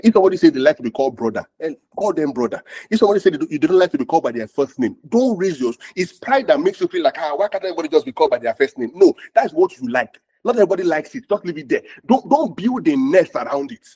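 A man's voice: fairly high pitch, sing-song, fast, mellow, breathy edge. A man preaching a sermon as pastor, repeating phrases and asking the congregation if they are together. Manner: repetitive call-and-response, asks "are we together?".

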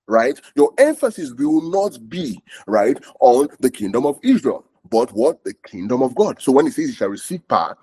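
Male preacher, sermon, lively swings in pitch, husky voice, repeats himself, quizzes the audience. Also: normal speed, hardly any pauses, no echo. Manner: animated, repeats himself and asks the audience questions.

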